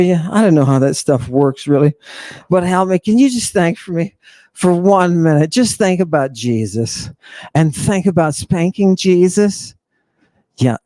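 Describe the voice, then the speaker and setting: Flamboyant guy lecturing, higher voice, slow and drawn out, dry close sound. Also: no room sound. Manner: flamboyant, teasing, shifts between hushed and shouting. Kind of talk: theatrical livestream lecture.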